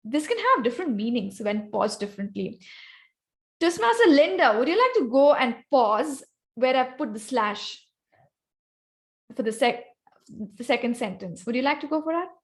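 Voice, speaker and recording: As a guest speaker at an online club meeting, a woman presents on vocal variety via video call, giving instruction on voice technique and calling on members by name. She sounds high-pitched and very animated, at normal speed with long pauses.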